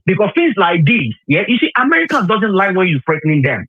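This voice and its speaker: Nigerian man, emphatic political rant, husky voice, dry tinny phone sound. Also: high-pitched, quick pace, no room sound. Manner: animated, emphatic, repeats himself. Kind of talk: heated political chat.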